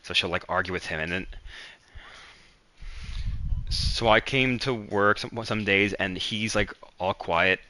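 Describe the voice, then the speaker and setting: Rambling man with a bright, low voice. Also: no room sound, low-quality recording. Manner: rambling, gossipy, quick to act out coworkers. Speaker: livestream host. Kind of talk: casual storytelling chat.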